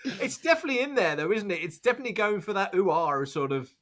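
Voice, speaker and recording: A man joins a casual podcast as a guest and talks in a bright, open voice. He offers easygoing remarks and chuckling asides, and his pitch moves lively. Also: fast talker.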